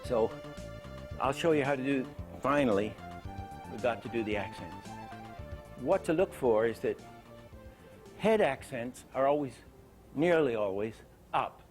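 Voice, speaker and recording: A man's voice: mid-range voice, expressive, unhurried, long pauses, a little mellow. Older male animation lecturer, storytelling delivery, music faint underneath. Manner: anecdotal, acts out quoted lines. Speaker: animation teacher.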